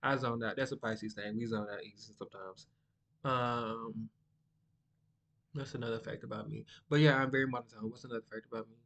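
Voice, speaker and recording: A young man, chatting casually and rambling to the camera, by his own account monotone. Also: mid-range voice, a little fast, vocal fry. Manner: rambling, sidetracked, self-described monotone. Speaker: vlogger.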